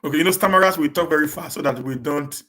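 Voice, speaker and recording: A man with a Nigerian accent chatting casually to his live-stream viewers, talking quickly and often repeating and restarting words as he mixes in pidgin. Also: fairly high pitch, bright, forceful tone. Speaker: live-stream host answering viewer questions.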